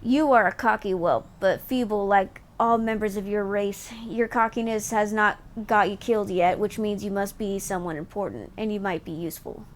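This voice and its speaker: A woman's voice: mid-range voice, moderate pace, few pauses, lightly acted. A woman reading as a scornful snake-like alien. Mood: haughty. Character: scornful snake-like alien gladiator leader, male.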